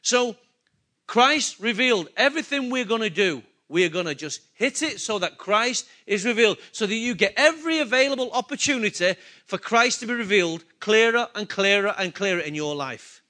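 Bright high-voiced male preacher. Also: expressive, moderate pace. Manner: conversational, asks the congregation questions. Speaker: pastor. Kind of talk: sermon.

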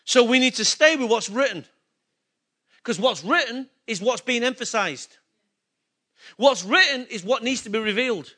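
Man, pastor, sermon, emphatic, repetitive, very high voice. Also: lively intonation, moderate pace, pauses often, sharp tone. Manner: emphatic, repetitive preaching with rhetorical questions.

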